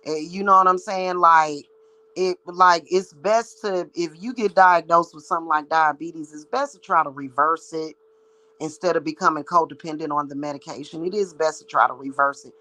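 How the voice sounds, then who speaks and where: A woman's voice: deep voice, steady tone, moderate pace, bright, forceful tone, poor audio. A woman who works as a psychic reader, ranting to her viewers in a blunt, heated, profane monologue. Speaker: psychic reader and spiritual practitioner.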